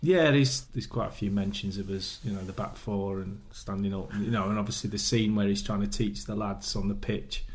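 A man's voice: fairly low pitch, steady tone, a little fast, hardly any pauses. A man, a former footballer telling stories as a guest, acting out quotes and laughing often. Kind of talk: anecdotal storytelling.

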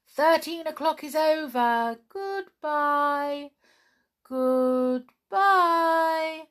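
A woman voicing a crowd of excited little pixies in a high, squealing chant. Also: drawn-out words, exaggerated voice. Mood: fading cheer. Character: excited tiny chirping pixies, a merry crowd.

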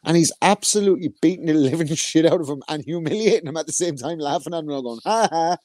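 A man on a podcast, telling boxing stories in an animated, sweary way. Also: a little high, fast, no room sound. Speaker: podcast co-host. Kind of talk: casual boxing chat.

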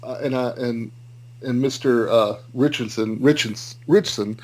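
A man from the US South with a Southern accent, co-hosting a podcast and chatting casually with animated, joking complaints. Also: medium pitch, moderate pace, low-quality recording. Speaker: podcast co-host. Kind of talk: casual chat.

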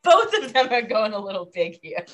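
A woman's voice: medium pitch, fairly quick. Wry young woman podcast co-host. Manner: wry, animated, laughs often. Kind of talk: casual chat recapping a TV episode.

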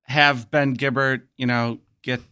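A man's voice: mid-range voice, flat delivery, unhurried, pushed and bright, clear, resonant tone, dry recording. A man co-hosting a comedy podcast, tossing in dry quips. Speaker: podcast co-host. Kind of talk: casual comedic chat.

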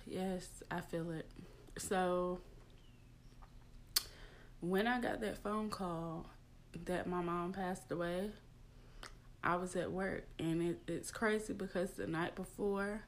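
A young adult woman hosts her own podcast, speaking slowly in a lowish voice with fairly even intonation and frequent pauses. Her casual talk feels confiding and emotional, full of filler words.

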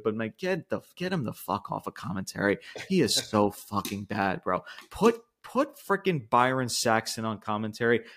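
A man hosting a casual wrestling podcast, talking in long rambling runs full of swearing. He laughs as he goes, and his pitch shoots up when he gets worked up. The delivery is loose and chatty. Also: fairly bright tone. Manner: rambling, profane, laughs often, mimics voices high-pitched. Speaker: podcast co-host.

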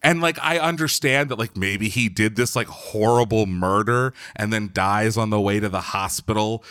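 Man from Philadelphia, podcast guest, rambling chatty storyteller, lowish voice, dry close mic. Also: moderate pace, fairly bright tone, clear, resonant tone, no echo. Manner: loose and chatty, heavy on "like", swears freely. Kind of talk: casual storytelling.

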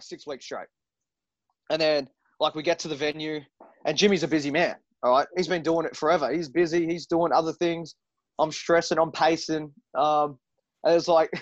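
A professional wrestler appears as a guest in a casual interview, telling stories, swearing freely and acting out what others said. His voice is a little high, with no room sound, in a dull lo-fi recording.

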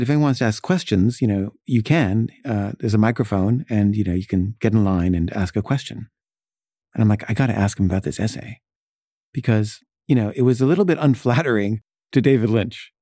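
A man's voice: lowish voice, warm tone, no room sound, clean studio sound. A man casually telling a personal story, full of "like" and "you know" fillers. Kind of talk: casual anecdote. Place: San Francisco resident in the past, not now.

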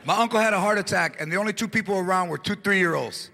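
A man doing a stand-up comedy set, animated storytelling mixed with Spanish words. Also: high-pitched, fast talker, gravelly, slight background noise.

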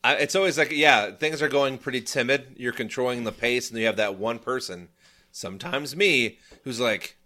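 Brief: male co-host with a bright, forward tone, loose and rambling, lots of restarts. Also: mid-range voice, normal speed. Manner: rambling, full of restarts and chuckles. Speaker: podcast co-host. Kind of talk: casual chat.

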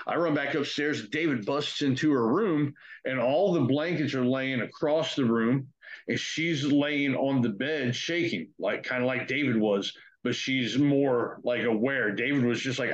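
A man's voice: medium pitch, moderate pace. A young man casually telling a ghost story, swearing freely and acting out what everyone said. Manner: profane, conversational, acts out quotes. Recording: dull lo-fi recording.

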